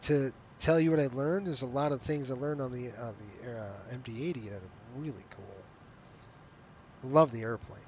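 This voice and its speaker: A man talking his way through a flight simulator stream, voice pitched right in the middle, drifting from one thought to the next and breaking off his own sentences. He sounds tired and keeps yawning, and he speaks to the viewers directly as friends. Faint low rumble sits under his voice. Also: moderate pace, darkish tone. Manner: rambling, self-interrupting, talks to viewers as "you guys". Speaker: flight sim streamer running a virtual airline. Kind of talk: casual live-stream chat over gameplay.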